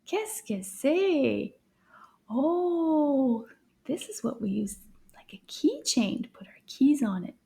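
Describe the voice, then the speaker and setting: A woman teaching words to children, modeling them slowly, praising the listener, and dropping into soft whispered asides. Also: high voice, very animated, creaky. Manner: slow, drawn-out word modeling with frequent soft whispered asides. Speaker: French teacher for kids. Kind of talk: children's language lesson.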